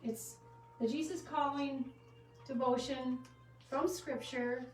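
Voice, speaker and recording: Inside her small gift shop, beside a trickling fountain, a woman with a slightly high, somewhat mellow voice hosts a casual live-stream sale at a measured pace. She chats, giggles and wanders onto tangents while showing items, her voice echoing and a little distant from the mic over faint background noise.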